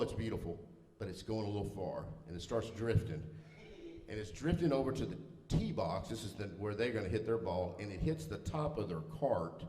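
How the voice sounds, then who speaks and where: A man's voice: lowish voice, darkish tone. A middle-aged man preaching a humorous sermon in a church, telling self-deprecating personal stories in a folksy manner. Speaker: pastor. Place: church sanctuary. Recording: roomy church hall reverb.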